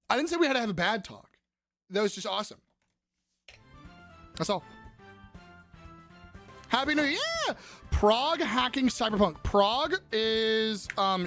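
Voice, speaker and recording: Animated streamer guy riffing with chat. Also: high-pitched. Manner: crude joking, riffs loudly on chat. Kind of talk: casual live-stream chat, reading chat messages.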